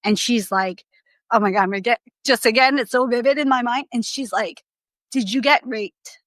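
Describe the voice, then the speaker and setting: A woman's voice: a little high, brisk, a bit bright, no echo. A young adult woman as a podcast guest, telling her story candidly in a rambling, casual way with many restarts.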